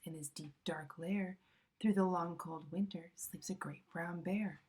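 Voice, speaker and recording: A woman reading a children's picture book aloud, soft and often whispering, with a lot of expression. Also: lowish voice, unhurried, husky. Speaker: storybook reader.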